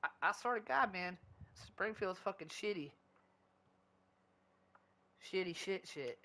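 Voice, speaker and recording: A man talks to his stream while he plays, rambling from one gripe to the next and swearing in nearly every sentence. His voice is bright and forward. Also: high voice, expressive, takes it slowly. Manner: profane, loose and rambling. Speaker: gaming streamer. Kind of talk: casual chat while gaming.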